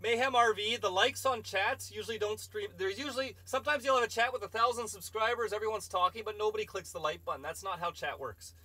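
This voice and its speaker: Guy on a live stream chatting with viewers, bright forceful voice, kinda rambly and opinionated. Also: high-pitched, quick pace, few pauses, no room sound. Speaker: host answering live chat. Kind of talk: casual live-stream chat.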